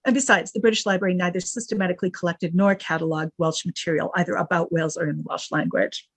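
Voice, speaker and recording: A woman giving an academic lecture, reading quotes with lively emphasis and adding wry asides. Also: on the low side, fast, slightly rough, no echo. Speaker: guest lecturer.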